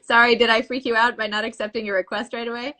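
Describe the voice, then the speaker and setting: A woman in her forties interviews a guest over a video call from her desk. She is chatty and effusive, laughing often. Her voice is bright and clear. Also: fairly high pitch, level tone, quick pace. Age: 40s. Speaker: podcast host. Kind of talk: casual interview chat. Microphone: home desk setup on a video call.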